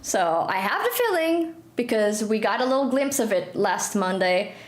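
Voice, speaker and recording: A woman's voice: mid-range voice, sing-song, moderate pace. A young woman, chatting and giggling through a game stream. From Portugal. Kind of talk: live game stream commentary. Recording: echoey room with faint noise.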